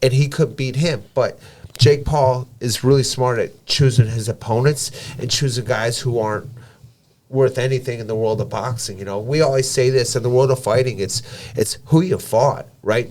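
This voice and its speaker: A man's voice: mid-range voice, a little hiss or hum. A man who is a professional boxer and gym owner, telling stories in casual podcast talk, swearing freely and acting out conversations. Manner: animated storyteller, swears freely, acts out dialogue.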